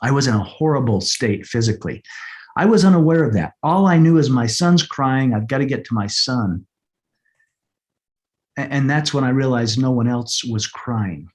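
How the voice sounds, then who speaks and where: A middle-aged man telling a personal story as an interview guest, earnest and halting, often repeating words as he searches for them. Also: medium pitch, expressive. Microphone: podcast microphone.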